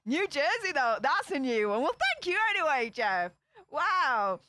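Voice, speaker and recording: A woman's voice: high voice, very animated, noisy background. A woman in her thirties with a Yorkshire accent, hosting a casual livestream and greeting viewers in a sassy, chatty way. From Yorkshire, England. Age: 30s. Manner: sassy, chatty, quick greetings with northern slang. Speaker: livestream host.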